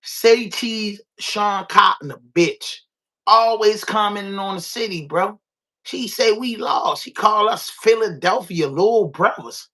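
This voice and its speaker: A Baltimore man with a high, bright voice, ranting on a podcast. He talks with a Baltimore accent, curses a lot and hammers his points home by repeating them. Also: a little slow. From Baltimore, USA. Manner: profane, emphatic, repetitive. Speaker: podcast host. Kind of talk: casual rant.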